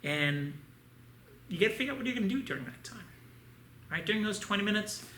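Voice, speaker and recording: A man's voice: high-pitched, lively intonation, fast talker, bright, forceful tone. Man, martial arts instructor, kids' class, upbeat coaching, echoey room, faint background noise. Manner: upbeat, coaching, often checks in with "right?".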